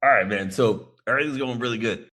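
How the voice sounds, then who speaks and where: A man's voice: medium pitch, fast talker, fairly bright tone. A man on a coaching call, chatting casually and profanely about how his business is going. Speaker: coaching client.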